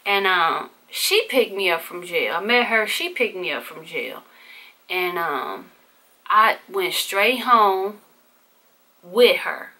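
A woman's voice: mid-range voice, animated, takes it slowly, bright, forceful tone. A woman vlogger telling a candid personal story in casual, profane, conversational speech.

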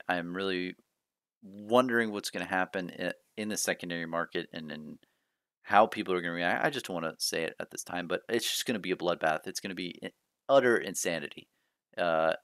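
A low-voiced man rambles with excitement about a card game, keeping his voice down because it is late at night. He laughs often and restarts his sentences, and the recording sounds close and dry, with no room sound. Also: fairly quick, no room sound. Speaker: card game video host. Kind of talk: excited casual commentary.

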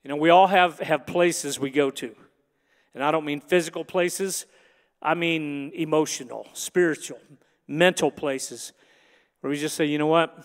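Pastor, male, high-pitched voice, preaching to a congregation with long hall echo. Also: unhurried. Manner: builds from hushed reflection to emphatic preaching. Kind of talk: sermon. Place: large church hall.

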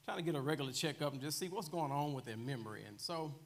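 A man's voice: a little high, animated, fast. A man preaching a sermon as minister, telling a joke story with chuckles before his teaching.

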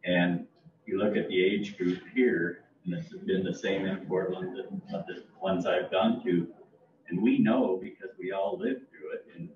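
A man's voice: low-pitched, expressive, measured pace. An older man from Oregon speaking emphatically as an audience member at a library talk. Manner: emphatic, concerned. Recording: roomy, distant, muffled with faint noise.

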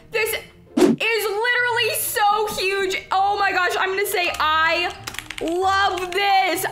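A woman narrating a game to her viewers in a very high voice, gushing and eager. Her tone is bright and sharp. The room around her echoes. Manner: excitable and gushing, talks to viewers; reads chat messages aloud. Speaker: gaming YouTuber. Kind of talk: casual gameplay commentary.

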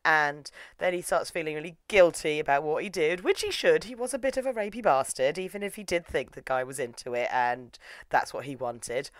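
A woman's voice: deep voice, a little fast, dry recording. A young woman reviewing an anime in a chatty, irreverent recap full of fillers. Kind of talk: casual recap vlog.

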